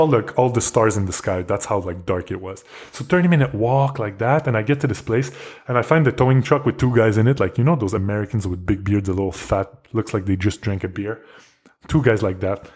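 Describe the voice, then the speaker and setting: A man's voice: medium pitch, a little mellow. A young man from Canada hosting a podcast, telling a travel story in a loose, rambling way, with lots of swearing, fillers and restarts. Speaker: podcast host. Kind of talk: casual solo storytelling.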